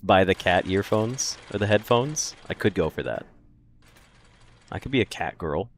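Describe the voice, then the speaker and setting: A man with a fairly low voice chats casually through a gaming stream. He jokes with his viewers and laughs often, keeping the talk loose and playful. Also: lively intonation, moderate pace, a little hiss or hum. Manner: joking, chatty, laughs often.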